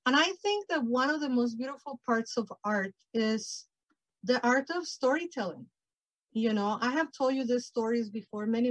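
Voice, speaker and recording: A woman giving a passionate, expressive presentation over a video call. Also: a little high, dry recording, rough recording. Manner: passionate, expressive, grows emotional. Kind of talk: heartfelt virtual presentation.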